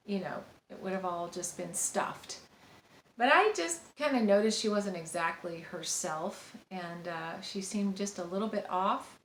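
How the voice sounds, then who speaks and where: Middle-aged woman, soft-spoken parenting teacher, meandering delivery, roomy echo, faint background hum. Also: medium pitch. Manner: gentle, rambling, many fillers and restarts. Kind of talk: informal teaching monologue with anecdotes. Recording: echoey room with faint ambient noise.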